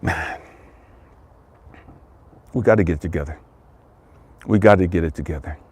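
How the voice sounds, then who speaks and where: Deep-voiced with a breathy edge, this man speaks at a normal speed as a life coach in an impassioned, profanity-laced pep talk. He hammers phrases through repetition and swings between shouting and near-whispers.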